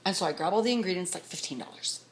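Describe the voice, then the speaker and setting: A middle-aged woman telling a rambling story to her vlog audience, talking fast and excitedly. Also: fairly low pitch, a little hiss or hum. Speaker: vlogger. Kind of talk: casual storytelling to camera.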